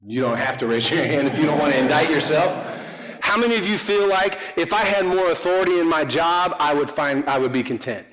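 Joking pastor preaching in a reverberant hall. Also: male voice, on the high side, fairly quick, fairly bright tone. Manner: conversational, joking, self-deprecating, asks the congregation questions. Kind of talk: sermon. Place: church sanctuary.

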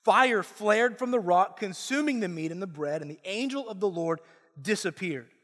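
Brief: male pastor, high voice, earnest emphatic sermon delivery, long hall reverb. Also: lively intonation, moderate pace, a bit bright.

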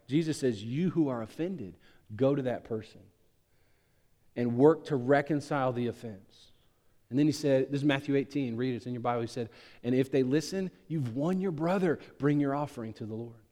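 A male pastor preaching a sermon, swinging from loud, emphatic peaks to hushed, low asides. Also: normal speed, long reverb tail.

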